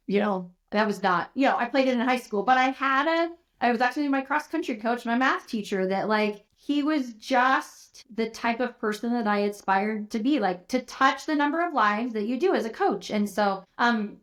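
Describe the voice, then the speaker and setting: A woman in her thirties, a loan officer being interviewed, talking earnestly with frequent pauses and fillers. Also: a little high. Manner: hesitant, lots of fillers, earnest. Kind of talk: casual interview conversation.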